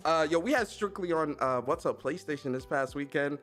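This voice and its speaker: A man hosting a casual live stream, giving rapid slangy shout-outs to his chat. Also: a little high, faint music behind. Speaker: podcast and stream host.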